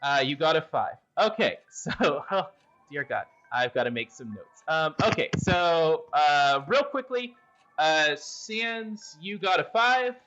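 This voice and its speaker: A man's voice: on the high side, animated, slow, a bit bright, faint music behind. A man running a tabletop game as game master, narrating with lots of hesitant fillers. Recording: dull lo-fi audio.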